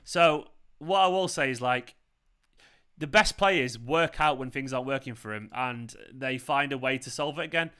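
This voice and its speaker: Man, Mancunian accent, bright smooth voice, rambling casual chat, reads chat aloud. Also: mid-range voice, moderate pace. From England. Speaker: fan channel host. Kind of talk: casual live watchalong chat. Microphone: earphones with mic.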